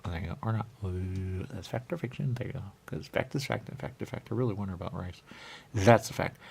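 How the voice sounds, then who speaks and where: A man's voice: low voice, quick pace, vocal fry, a little mellow, slightly rough. A man hosting a talk show, rambling playfully with sing-song repetitions and riffs. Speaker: radio show host.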